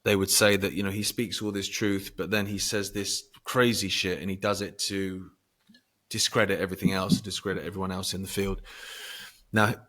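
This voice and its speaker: A man speaking as a guest in a casual conversation. He swears freely and breaks into bursts of loud emphasis. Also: deep voice, flat delivery, moderate pace. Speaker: podcast guest.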